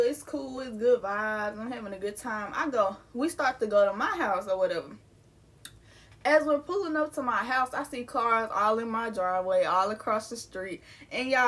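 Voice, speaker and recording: A young adult woman telling a personal story in a casual, candid way, full of slang and swearing. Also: fairly high pitch. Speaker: vlogger.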